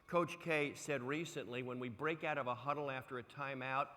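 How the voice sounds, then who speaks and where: A man's voice: medium pitch, normal speed. Older man telling stories in an echoing hall. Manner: animated storyteller who acts out quoted lines with big swings in loudness. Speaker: motivational speaker. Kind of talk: keynote speech with anecdotes. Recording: long hall reverb.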